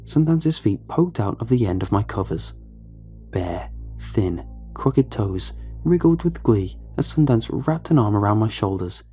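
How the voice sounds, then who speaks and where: Dark, husky male horror narrator. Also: fairly low pitch.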